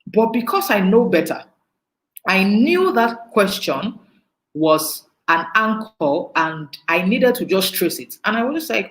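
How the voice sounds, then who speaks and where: A Nigerian woman giving a storytelling talk on emotional intelligence, animated and laughing often. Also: mid-range voice, measured pace, reverberant, poor audio.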